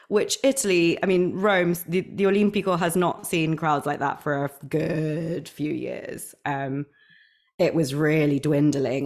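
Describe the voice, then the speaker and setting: A woman co-hosting a casual sports podcast, chatty and laughing easily. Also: deep voice. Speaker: podcast co-host. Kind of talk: casual chat.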